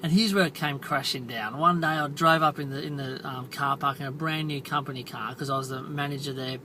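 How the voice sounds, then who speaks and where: A man's voice: fairly high pitch, fairly even intonation, a little fast, noisy background. A middle-aged man, telling a self-deprecating story to camera in a casual vlog, full of fillers and "right?" tags. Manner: chatty, self-deprecating, many fillers and tag questions. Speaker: marketing and copywriting vlogger.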